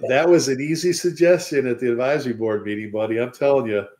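A man chatting casually and telling lively stories as a fire service speaker. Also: medium pitch, fast talker. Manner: animated storyteller. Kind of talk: casual chat.

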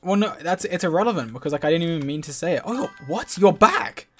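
A man's voice: on the high side, lively intonation, a bit bright, soft background music. Flustered young man streaming a game. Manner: flustered, defensive, giving quick instructions. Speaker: gaming streamer. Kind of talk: casual gaming chat.

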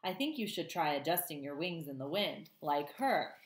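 Storybook robot mother, female, measured and robotic, low tone, as a woman reads her. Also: sing-song, echoey room, slight background noise. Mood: patient.

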